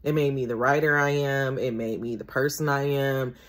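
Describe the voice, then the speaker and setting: A woman's voice: very deep voice, steady tone, normal speed. A young adult woman talking through her feelings in a casual, reflective monologue as a podcast host. She is candid and rambling, swears freely, repeats herself, and her voice rises when she gets emotional. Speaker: podcast host and tarot reader.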